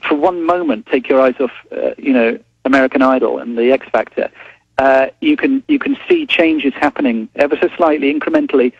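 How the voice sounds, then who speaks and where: Journalist guy phoning in, husky and lively, keeps restarting, dull phone-line sound. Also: fairly high pitch, no room sound. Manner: halting, many restarts, animated. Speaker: newspaper journalist guest. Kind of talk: phone-in interview.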